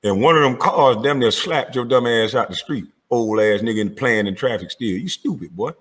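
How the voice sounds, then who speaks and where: A man's voice: mid-range voice, moderate pace, husky. A man trash-talking in a casual, blunt and taunting way.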